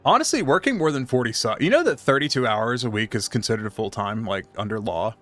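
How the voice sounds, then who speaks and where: Bright-voiced man ranting while streaming. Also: medium pitch, animated, fast talker, faint music behind. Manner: profane, exasperated storytelling. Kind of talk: casual ranting chat.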